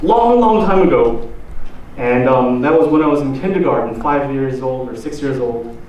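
A pastor with a Korean accent giving a slow sermon, asking the congregation drawn-out questions. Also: male voice, medium pitch, a little mellow, dull audio. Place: church hall. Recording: roomy echo, distant mic, faint noise.

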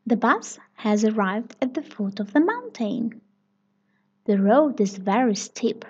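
A woman reading a children's story aloud, slow, clear and expressive, with a breathy voice, on a dull lo-fi recording. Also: fairly high pitch. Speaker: read-aloud narrator.

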